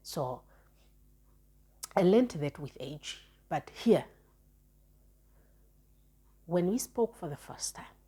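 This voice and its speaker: Husky low-voiced woman telling a story. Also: animated, slow, pauses often, dark tone. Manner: chatty, repeats words when restarting, frank. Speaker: storytime vlogger. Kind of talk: casual storytelling monologue.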